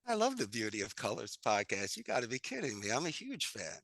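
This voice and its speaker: An upbeat man talking as a guest on an interview show. His voice is bright and forceful, and he delivers motivational advice with enthusiasm. The sound is dry and close, with no room around it. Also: lowish voice, wildly swooping pitch, brisk, no echo. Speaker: guest, business owner. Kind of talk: casual interview chat.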